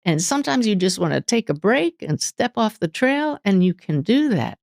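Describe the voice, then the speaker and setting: A woman being interviewed as a medium, telling lively stories and acting out inner dialogue. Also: mid-range voice, normal speed, creaky, dry recording, studio quality. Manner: animated storytelling, voices inner dialogue. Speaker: guest medium. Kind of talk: interview conversation.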